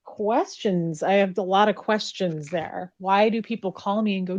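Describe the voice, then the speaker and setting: A woman's voice: medium pitch, steady tone, normal speed, hardly any pauses, darkish tone. A woman on a recorded phone call, speaking candidly and bluntly and swearing freely as she talks about her past. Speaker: caller, former member recounting her past.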